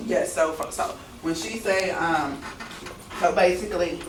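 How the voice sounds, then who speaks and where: A woman's voice: fairly low pitch, unhurried. A woman directing a rehearsal, instructing actors and often checking in with "okay?". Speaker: film director. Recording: roomy, distant mic, clear background noise.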